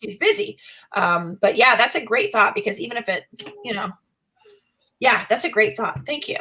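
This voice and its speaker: Bright, husky woman chatting and laughing. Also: fairly high pitch, moderate pace. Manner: laughs often, animated. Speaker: podcast guest. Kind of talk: casual chat.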